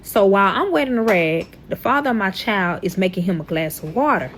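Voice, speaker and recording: Animated young woman telling a story. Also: medium pitch, fairly quick, a little hiss or hum. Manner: animated, swearing, addresses viewers as y'all. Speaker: storyteller reacting to her own past. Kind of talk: casual storytime vlog.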